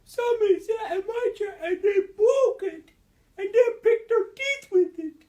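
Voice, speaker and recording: A tiny baby bear, very high, whiny and loud, storybook cub. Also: male voice, unhurried. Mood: whiny shouting. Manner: shrill, whiny, shouting.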